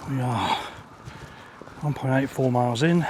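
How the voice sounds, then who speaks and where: A man's voice: medium pitch, animated, measured pace, very noisy. Wry man on a countryside walk. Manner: wry, self-deprecating, chatty asides. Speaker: vlogger. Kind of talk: casual hiking vlog. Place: outdoors in countryside.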